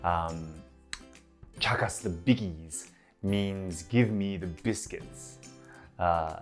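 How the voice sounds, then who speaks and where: A man with an Australian accent hosting a casual lesson, explaining slang slowly with many ums and uhs. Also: low-pitched, fairly even intonation. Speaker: host teaching Australian slang. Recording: soft music underneath.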